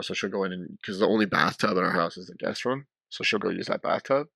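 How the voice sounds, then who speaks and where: Bright, profane male podcast host. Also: low voice, fast, gravelly, few pauses, dry recording. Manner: profane, laid-back banter. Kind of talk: casual podcast chat.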